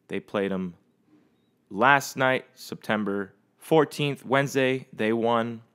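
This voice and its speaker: A man's voice: mid-range voice, slow, fairly bright tone, clear, resonant tone. A man hosting his own podcast, chatting alone in a loose, rambling way with plenty of swearing. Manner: rambling, profane, easygoing. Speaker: podcast host. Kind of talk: casual solo chat.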